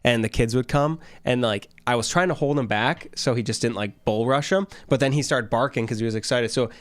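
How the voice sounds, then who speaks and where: A man's voice: mid-range voice, brisk, no echo. Congested man chatting on a podcast. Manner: rambling, chatty, lots of fillers. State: congested from a cold. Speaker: podcast co-host. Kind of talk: casual podcast chat.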